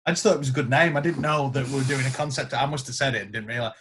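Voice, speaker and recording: A man's voice: medium pitch, racing, a little hiss or hum. A man, a guest guitarist, telling stories in casual podcast chat and acting out the quotes. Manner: animated storyteller acting out quotes.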